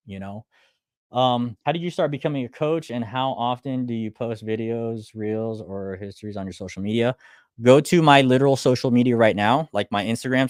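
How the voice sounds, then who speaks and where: A young man who coaches online business speaks bluntly and with lots of profanity on a casual livestream, acting out his clients' lines. His mid-range voice comes through a dry, clean studio recording.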